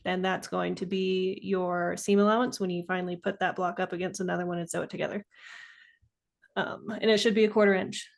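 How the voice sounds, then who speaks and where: A woman explains seam allowances on a live quilting call in a flat, even voice with little pitch movement. She hesitates with fillers and sometimes corrects herself mid-thought. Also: a little fast, gravelly. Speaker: co-host. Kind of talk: live online sewing lesson.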